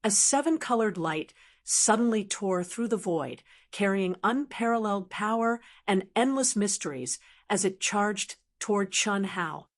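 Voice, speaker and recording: A woman narrating a fantasy web-novel audiobook in a steady, even reading. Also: medium pitch, unhurried, few pauses.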